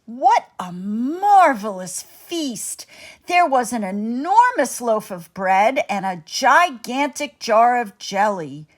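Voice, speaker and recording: Woman storyteller, slow and dramatic, lively pitch. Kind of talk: bedtime story narration.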